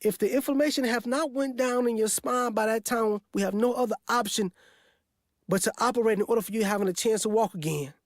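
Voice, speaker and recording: A man's voice: high-pitched, a little fast, no echo, studio quality. Earnest man retelling a hard story. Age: 40s. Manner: earnest, repetitive, emphatic retelling. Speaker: motivational speaker. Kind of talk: personal testimony storytelling.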